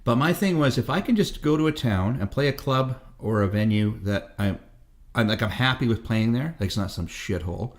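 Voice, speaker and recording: A man's voice: mid-range voice, lively intonation, brisk. A man in his fifties, a guest musician in a casual interview, telling rambling stories and swearing freely. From Canada. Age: 50s. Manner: profane, rambling storyteller.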